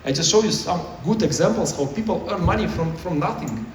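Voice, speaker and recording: A man's voice: on the high side, lively intonation, a little fast, slight background noise. A man giving a conference talk in choppy, non-native English, with many restarts. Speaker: conference speaker. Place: conference hall. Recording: echoey hall, mic far off.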